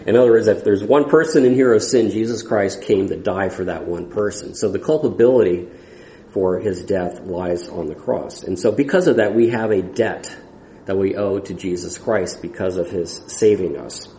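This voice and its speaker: A man preaching an expository sermon, earnest and halting, often restarting his phrases as he reads and explains scripture. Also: sits low, warm tone, reverberant, slight background noise, rough recording.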